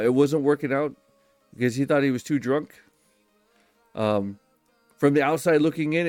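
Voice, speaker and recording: A young man hosting his own podcast, giving profane, blunt advice in a casual solo monologue and acting out quick quoted exchanges. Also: fairly high pitch, a little mellow, no room sound. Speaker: podcast host.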